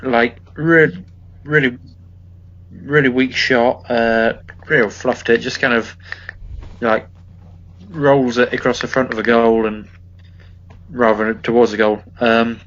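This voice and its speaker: A man of middle pitch co-hosting a casual podcast, who rambles along with plenty of ums and restarts. The audio sounds dull and lo-fi, its top end rolled off. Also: fairly even intonation, slow, pauses often, fairly bright tone, slight background noise. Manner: rambling, many fillers and restarts. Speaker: podcast co-host. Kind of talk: casual football chat.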